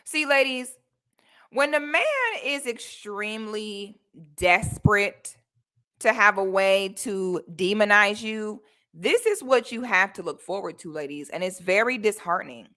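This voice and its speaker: A woman's voice: mid-range voice, measured pace, bright, forceful tone. A young woman giving casual commentary and advice to her viewers, sassy and emphatic, talking straight to them. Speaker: commentary vlogger.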